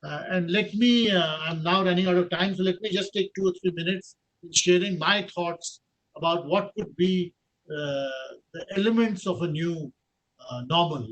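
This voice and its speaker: Indian guy lecturing over a video call, fairly high voice, lots of uhs and pauses. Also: fairly bright tone, dull audio. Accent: Indian English. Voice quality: measured, with many pauses and 'uh' fillers. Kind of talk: formal policy lecture.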